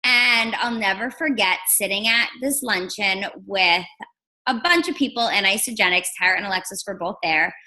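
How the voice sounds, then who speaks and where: Bright-voiced young woman telling her story. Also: mid-range voice, normal speed, rough recording. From New Jersey. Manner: animated, chatty, lots of "like". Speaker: guest on a team training call. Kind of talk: casual storytelling.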